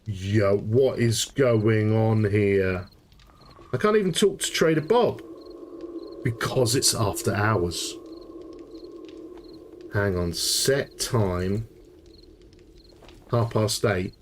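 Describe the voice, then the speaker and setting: A man hosting a live gameplay tutorial, thinking aloud and getting excited as he works things out, often restarting sentences. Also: lowish voice, extremely slow, long pauses, a little hiss or hum. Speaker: tutorial host.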